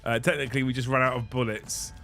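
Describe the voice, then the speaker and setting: A man's voice: mid-range voice, fairly even intonation, fast talker, pushed and bright, soft background music. A man hosting a hobby livestream, chatting casually with rambling, sweary banter. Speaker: livestream host.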